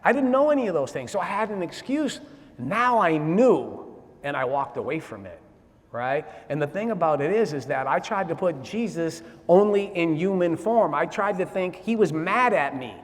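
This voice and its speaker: Animated man telling his testimony in a hall. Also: fairly high pitch. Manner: animated, streetwise, repeats "right?" to the crowd. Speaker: speaker giving testimony. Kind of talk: personal testimony talk. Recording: long hall reverb.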